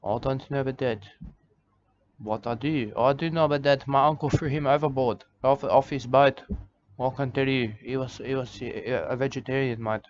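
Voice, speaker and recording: Aussie bloke rambling deadpan, lots of uhs, slightly muffled lo-fi sound. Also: male voice, medium pitch. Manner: halting, full of "uh" and restarts, says "mate". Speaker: comedic character monologue. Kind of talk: rambling deadpan comic monologue. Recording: slightly dull lo-fi sound with faint background noise.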